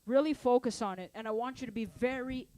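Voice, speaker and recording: A woman's voice: a little high, brisk, noisy background. A woman teaching a live online drum lesson, explaining exercises and counting beats aloud over her playing. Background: drum kit playing.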